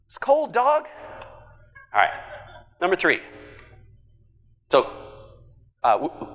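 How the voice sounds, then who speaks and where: A man giving a conference keynote, talking in an animated, conversational way and tossing in jokey asides. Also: mid-range voice, big-room sound. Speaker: conference speaker. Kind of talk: keynote presentation. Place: large conference hall.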